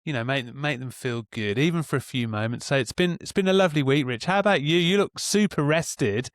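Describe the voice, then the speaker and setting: A middle-aged man co-hosting a podcast, chatty and upbeat and quick to laugh. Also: mid-range voice, no room sound, studio quality. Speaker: podcast co-host. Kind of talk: casual podcast chat.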